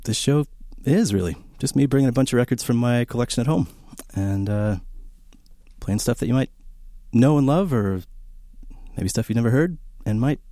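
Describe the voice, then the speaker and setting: Between songs on his college radio record show, a man rambles with enthusiasm, full of fillers and lively anecdotes. He speaks at a moderate pace with a medium pitch, recorded through a broadcast microphone in a small studio, so the sound is clean with no room echo.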